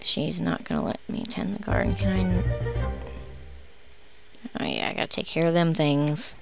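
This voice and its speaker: Woman host, lower voice, chatty sarcastic let's-play commentary over clear background music. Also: fairly even intonation, normal speed. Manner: sarcastic, grumbling at the game. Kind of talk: casual game commentary.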